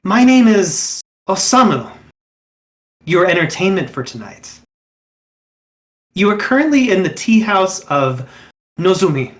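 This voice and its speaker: A man's voice: sits high, voice pushed up, heavily acted. A man putting on a dashing, courteous young wraith. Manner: warm, fervent and polite.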